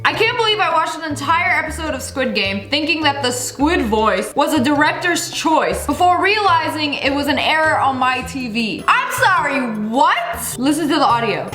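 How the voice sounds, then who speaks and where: A woman comments on clips with sarcastic, exclaiming energy. Her high voice swings widely up and down. She sounds a little roomy, with music playing underneath. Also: expressive, moderate pace, hardly any pauses. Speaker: reaction video host. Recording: echoey room with background music.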